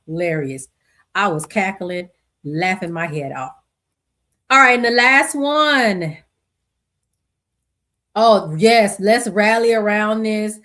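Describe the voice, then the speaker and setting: Animated, laughing woman podcast host. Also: medium pitch, slow pace, long pauses. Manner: animated, laughs often, reads stories aloud with voices. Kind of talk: casual solo commentary. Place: home desk with two computer screens.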